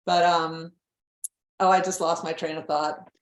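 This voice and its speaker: A woman in her seventies talks as an interview guest, candid and self-mocking, with frequent laughs. Her voice sits a bit low. The room around her is echoey. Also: level tone, measured pace. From New England. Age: 70s. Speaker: guest author. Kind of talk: casual interview chat.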